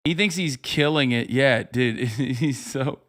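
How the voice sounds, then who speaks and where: A man's voice: medium pitch, slow, fairly bright tone. A man in his thirties hosting a livestream, giving profane, exasperated reaction commentary. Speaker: livestream host.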